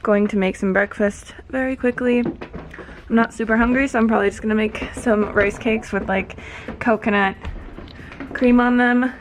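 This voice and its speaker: A woman's voice: fairly high pitch, fairly even intonation, moderate pace. A woman chatting casually in a vlog at home, upbeat and peppered with "like". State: a little out of breath. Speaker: vlogger. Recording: noisy background.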